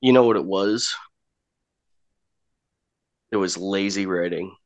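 A man's voice: sits low, slow. A man co-hosting a podcast in casual chat, joking and telling stories with hesitations. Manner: joking, drops into silly voices. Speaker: podcast co-host.

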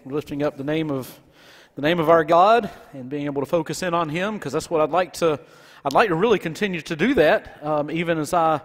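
A man's voice: a little high, fairly quick, big-room sound. A man with a Southern accent preaching a folksy, conversational sermon as pastor in a church. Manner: folksy and conversational, with many restarts. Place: church sanctuary.

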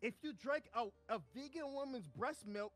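A man's voice: very high-pitched, moderate pace, a bit bright, faint music behind. A young man in a casual gaming chat, hyper and silly, pestering friends with absurd questions.

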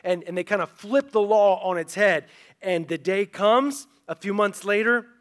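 High-voiced animated male preacher. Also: normal speed. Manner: animated, acts out quoted characters. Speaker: pastor. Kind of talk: sermon storytelling.

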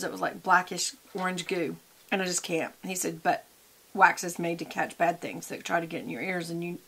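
A woman's voice: medium pitch, a bit bright. A middle-aged woman with a drawl talks through her makeup routine in a loose, rambling way. She chats to her viewers like friends and drifts from topic to topic without any script. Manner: chatty, rambling, talks while applying makeup and eating. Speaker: beauty and lifestyle vlogger. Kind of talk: casual makeup and chat vlog.

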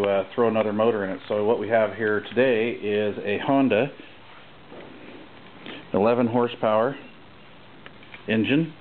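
A man giving a relaxed, hesitant walkthrough of his home mechanic work, with many pauses and fillers. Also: on the low side, slight background noise. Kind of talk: casual walkthrough demo. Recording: tinny phone-like camcorder audio.

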